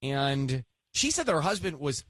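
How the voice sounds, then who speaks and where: A man's voice: on the high side, big pitch swings, fairly bright tone, no echo, clean studio sound. A man hosting a radio show, bantering and teasing his co-hosts, often cutting in. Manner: teasing, quick to cut in. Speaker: radio host.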